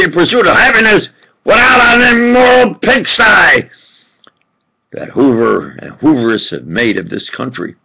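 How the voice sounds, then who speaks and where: Gravelly man ranting with wild swings. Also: fairly high pitch, rough recording. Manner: ranting, swings from muttering to shouted outbursts; repetitive, emphatic. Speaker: self-styled preacher giving a political rant. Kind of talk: impassioned video rant.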